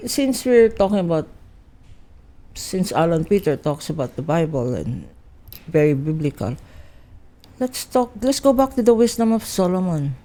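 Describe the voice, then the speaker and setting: A woman's voice: lowish voice, sing-song, normal speed, pauses often, dark tone. An older woman from the Philippines, a lawyer, speaking emphatically in an interview and mixing English with Filipino. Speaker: lawyer guest. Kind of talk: animated interview talk.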